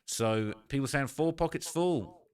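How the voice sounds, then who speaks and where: A man's voice: mid-range voice, lively intonation, a little slow, a little mellow. Slangy man riffing on rap news. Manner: slangy, opinionated, keeps saying "all right?". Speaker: host. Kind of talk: casual reaction commentary.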